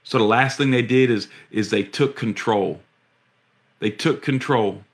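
A man's voice: mid-range voice, a little slow. A man preaching a sermon with passion and emphasis, acting out the voices he quotes and repeating words as he builds each point.

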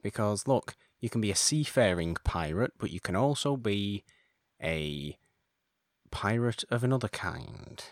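A man's voice: fairly low pitch, animated, measured pace, no echo, studio quality. A man hosting a casual podcast chat, rambling and correcting himself as he talks, with frequent chuckles. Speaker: podcast host.

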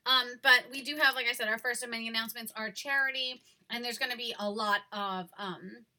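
A young woman co-hosting a casual podcast, chatty and rambling, quick to laugh. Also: fairly high pitch, fairly even intonation, sharp tone. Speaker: podcast co-host. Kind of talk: casual chat.

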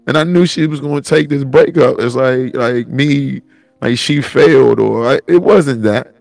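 A man's voice: mid-range voice, unhurried, gravelly, a little mellow, no room sound, soft background music. A man hosting a solo podcast, thinking aloud in a rambling, profane, heartfelt way. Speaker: podcast host. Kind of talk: solo reflective monologue.

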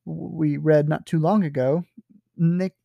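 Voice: mid-range voice, fairly even intonation, a little slow, vocal fry, dry recording, dull audio. A teacher explaining a short story in a casual, hesitant way, with many fillers and checks for understanding. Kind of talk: literature lesson, explaining a story.

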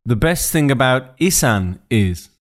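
A man hosting a relaxed podcast interview, with a voice at an ordinary mid pitch. He prompts his guest with drawn-out sentence starters, like a quiz. The talk is easygoing and friendly. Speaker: podcast host. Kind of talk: casual interview chat.

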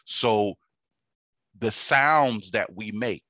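Low, bright-voiced man preaching. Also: very slow, dry recording. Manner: repetitive, conversational teaching with frequent check-ins. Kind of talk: sermon.

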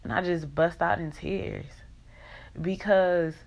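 A woman's voice: lowish voice, steady tone, takes it slowly, vocal fry, muffled recording. A young woman in an emotional vlog rant, venting in raw, profane country slang.

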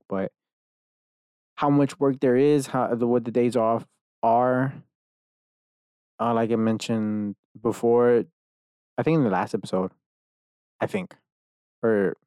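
A young man from Dallas, Texas rambles through a solo podcast, swearing often and breaking off mid-thought to restart. His voice is smooth and clear at a middling pitch. The recording is dry, with no room sound. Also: a little mellow, dry recording. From Dallas, Texas, USA. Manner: self-interrupting, many restarts and fillers. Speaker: podcast host.

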